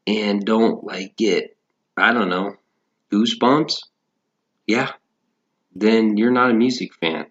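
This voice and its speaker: Guy ranting about a singer, swears constantly, kinda low voice, muffled lo-fi sound. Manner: profane, rambling, animated. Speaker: podcast host. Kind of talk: casual rant.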